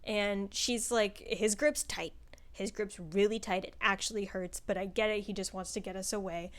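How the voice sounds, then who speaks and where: A woman's voice: medium pitch, steady tone, moderate pace. A woman talking through a book review in a loose, chatty way. She rambles, leans on filler words, swears freely and laughs often as she goes. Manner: chatty and rambling, with frequent "like" and profanity. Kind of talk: casual spoken book review.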